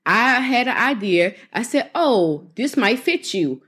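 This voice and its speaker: A young woman hosting a podcast in casual chat, laid-back and quick to laugh. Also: fairly high pitch, big pitch swings, a bit bright, slightly rough. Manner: laid-back, laughs often, short backchannel replies. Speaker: podcast co-host.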